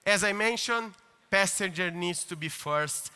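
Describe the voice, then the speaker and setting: A man delivers an earnest keynote in a large conference hall. His voice sits high and sounds very bright. A long hall reverb trails each phrase. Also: measured pace, smooth. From Brazil. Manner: earnest, with hesitant fillers and restarts. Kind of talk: formal conference speech.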